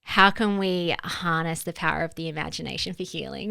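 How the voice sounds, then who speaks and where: A woman's voice: deep voice, brisk, gravelly, sharp tone, smooth, no echo. A woman hosting a podcast interview, affirming and encouraging as she asks her questions. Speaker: podcast host.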